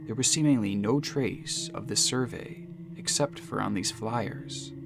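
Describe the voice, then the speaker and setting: A man giving scripted, suspenseful mystery narration, measured and slowing down for dramatic phrases. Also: on the low side, creaky. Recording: narration over music.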